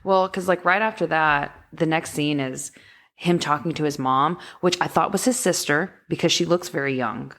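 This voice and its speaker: Young woman from rural Texas, low voice, giggly, chatty podcast co-host. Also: moderate pace, fairly bright tone. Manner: chatty, giggly, trails off mid-thought. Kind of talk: casual chat about a film.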